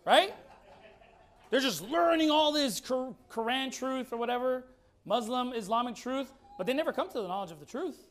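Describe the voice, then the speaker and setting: A man preaching a sermon, firing rhetorical questions and reading scripture slowly and deliberately. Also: very high-pitched, lively intonation, fairly bright tone. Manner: emphatic, fires rhetorical questions.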